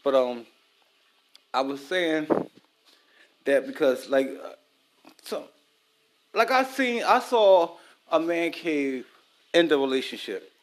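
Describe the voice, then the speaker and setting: A man's voice: a little high, sing-song, slow pace, pauses often, a little hiss or hum. Profane married man chatting while cooking. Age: adult, married. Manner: loose, profane, talks straight to viewers. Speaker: vlogger. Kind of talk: casual chat while cooking.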